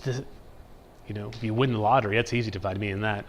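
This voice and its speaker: A man teaching a catechism class in a conversational lecture style, animated, often checking in with "right?" and acting out people's reactions. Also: on the low side, quick pace, a little hiss or hum. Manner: animated, keeps asking "right?"; acts out everyday reactions in quotes.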